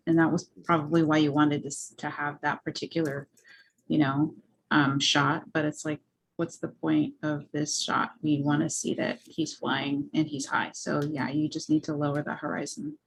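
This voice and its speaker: A woman's voice: low voice, level tone, normal speed, a little hiss or hum, rough recording. A woman teaching an online art class, giving casual, encouraging feedback over a video call. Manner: encouraging, casual, hesitant fillers. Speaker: art instructor.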